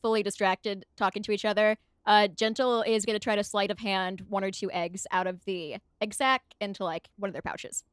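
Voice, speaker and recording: A woman playing in a tabletop game, lively and often laughing, hesitating over her plans. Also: medium pitch, normal speed, few pauses, clear, resonant tone, no room sound, clean studio sound. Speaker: player. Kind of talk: casual tabletop play.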